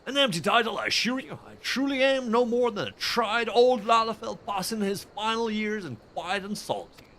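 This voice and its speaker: A man's voice: animated, normal speed, hardly any pauses, sharp tone. A man putting on a humble little old station master. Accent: American. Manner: raised pitch, formal storybook delivery.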